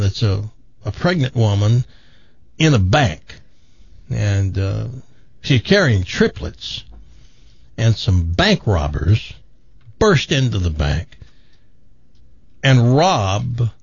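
Male radio host, animated storyteller, dry, slightly dull sound. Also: mid-range voice, slightly rough, dry recording. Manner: rambling storyteller with fillers and restarts. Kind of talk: telling a joke on air.

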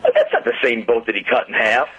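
Chatty man, halting delivery full of fillers, muffled radio sound. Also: mid-range voice, huge pitch swings, fairly bright tone, husky. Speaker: car dealer guest. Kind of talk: casual radio chat. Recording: dull lo-fi radio audio.

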